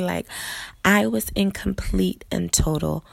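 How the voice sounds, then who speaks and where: A woman's voice: lowish voice, slow, gravelly, dry recording. A woman pastor telling a personal testimony in an earnest way, often speaking straight to her listeners as "guys".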